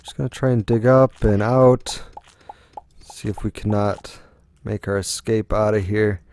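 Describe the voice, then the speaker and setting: Young male let's-play host, low gravelly voice, unhurried, rambling gaming commentary full of ums. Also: steady tone, darkish tone, a little hiss or hum. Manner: rambling, musing aloud with frequent ums.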